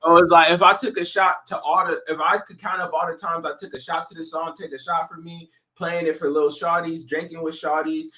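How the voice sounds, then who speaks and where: Bright-voiced animated young man. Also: on the high side, a little fast, few pauses. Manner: animated, slangy, talks back to the song. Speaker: livestream host reacting to music. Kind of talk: casual reaction commentary.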